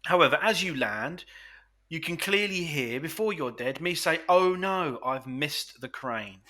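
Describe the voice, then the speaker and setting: A man with a bright, forceful voice argues his case in a playful mock trial. His delivery is pompous and theatrical, like a barrister grilling a witness. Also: fairly high pitch, expressive, measured pace. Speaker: podcast co-host defending himself in a mock court. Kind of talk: mock courtroom banter.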